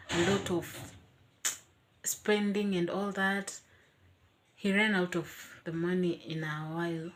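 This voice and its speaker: A young woman telling a personal story in a casual vlog, animated and expressive, often acting out her own reactions. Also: medium pitch. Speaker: vlogger.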